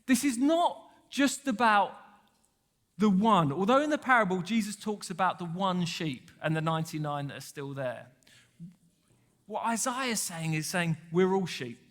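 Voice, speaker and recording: A man preaches with a high, light voice that rings through a reverberant church hall. His delivery is chatty and playful, breaking into laughter and little sung snippets. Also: lively intonation, moderate pace, a bit bright. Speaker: pastor. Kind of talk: sermon.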